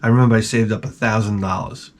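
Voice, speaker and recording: A man hosting his channel, telling comedic stories in a loud, animated, profane rant and acting out people in high, shouted voices. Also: quick pace. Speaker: channel host.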